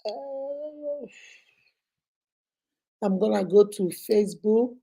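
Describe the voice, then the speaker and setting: A Nigerian woman in her thirties hosting a casual live stream, chatting and greeting viewers by name, her voice going a little hoarse from a cold. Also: a little high, animated, very slow, mellow.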